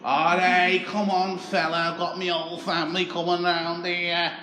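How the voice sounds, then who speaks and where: A comedian voicing a wheedling local beggar who keeps calling people fella. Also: male voice, sits high, completely flat delivery, moderate pace, bright, forceful tone, roomy sound, a little hiss or hum, voice pushed up. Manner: wheedling, chummy, repeats fella.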